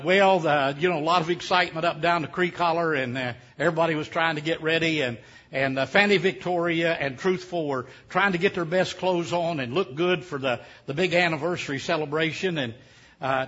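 Husky-voiced preacher. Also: male voice, on the high side, fairly bright tone. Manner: folksy, humorous, many uh fillers. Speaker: pastor. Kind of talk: sermon with folksy storytelling. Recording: dull lo-fi sound.

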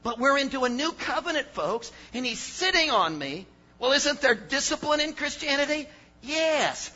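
An older man preaching a sermon, dropping to low asides and then rising to shouted emphasis. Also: normal speed. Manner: animated, swings from low mutters to shouted emphasis. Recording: dull lo-fi sermon recording.

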